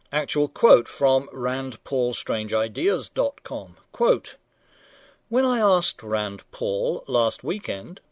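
A man's voice: mid-range voice, dry recording. A man hosting a radio show, reading scripted satirical commentary in a dry, sardonic, mock-indignant manner.

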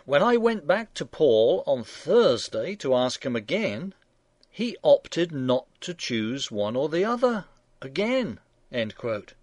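A man's voice: fairly high pitch, no room sound. A man hosting a radio show, reading scripted satirical commentary in a dry, sardonic, mock-indignant manner.

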